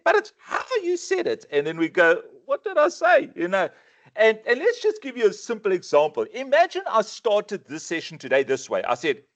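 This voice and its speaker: A man with a South African accent presenting a sales training webinar, animated and given to repeating his words as he starts a thought. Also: on the high side.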